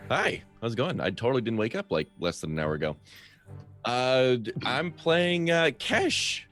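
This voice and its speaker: Lively, playful man player. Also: medium pitch, moderate pace, faint music behind. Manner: playful, laughing. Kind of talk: casual chat.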